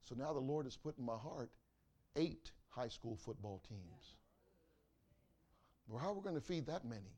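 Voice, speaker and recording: A man preaching a sermon as pastor, swinging from loud exclamations to quiet asides. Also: mid-range voice, expressive, moderate pace, pauses often.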